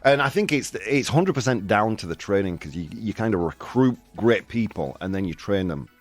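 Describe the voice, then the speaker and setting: A man's voice: lowish voice, lively intonation, normal speed. A middle-aged man hosting a show, chatting casually and self-deprecatingly, often restarting his sentences. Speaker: show host. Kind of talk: casual chat.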